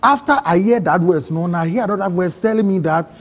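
A man with a Ghanaian English accent, telling his own story in an interview, excitable and acting out other people's words. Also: sits high, quick pace. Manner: excitable, acts out quoted voices, broken phrasing. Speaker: interview guest. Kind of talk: emotional personal storytelling.

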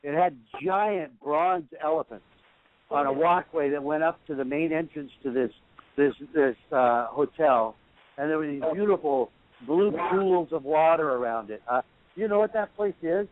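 A man's voice: fairly high pitch, moderate pace, no room sound. Hesitant man on a tinny phone line. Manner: hesitant, repeats words. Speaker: radio interviewer. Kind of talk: casual phone interview.

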